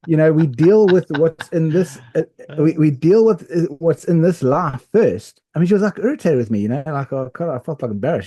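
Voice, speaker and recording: A man co-hosting a casual podcast, telling a long story in an animated, rambling way full of "like"s and restarts. His voice sits slightly high for a man and has a mellow, dark tone. The recording is dry and close, with no room sound. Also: a little fast, few pauses, dry recording. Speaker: podcast co-host.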